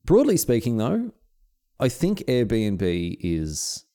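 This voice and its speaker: A man in casual conversation as a podcast co-host, telling stories in an animated, jokey way. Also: medium pitch, takes it slowly. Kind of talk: casual chat.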